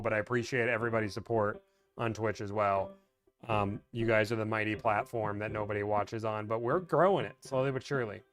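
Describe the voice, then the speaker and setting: A man hosting a live stream about negotiating car deals, chatting casually and thinking out loud with frequent restarts. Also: on the low side. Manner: thinks aloud, rambling with restarts. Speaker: car deal negotiator and livestream host.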